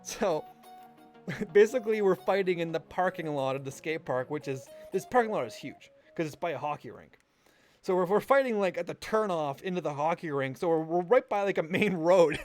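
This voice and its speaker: A man's voice: on the high side, normal speed. A young man streaming live, telling a story casually with lots of swearing and laughter. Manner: animated, profane, laughing often. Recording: faint music underneath. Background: faint music.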